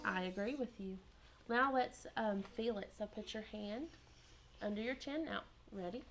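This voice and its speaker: A woman's voice: mid-range voice, moderate pace, a bit bright, a little hiss or hum. A woman teaching kindergarten in a classroom, patient and encouraging, asking the children lots of prompting questions.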